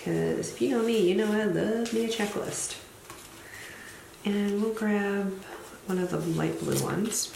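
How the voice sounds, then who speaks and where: A woman's voice: medium pitch, unhurried, creaky, darkish tone, reverberant, slight background noise. A woman who teaches, chatting casually as she plans her week, thinking aloud and making light asides about herself. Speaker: planner vlogger. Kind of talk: casual plan-with-me narration while decorating.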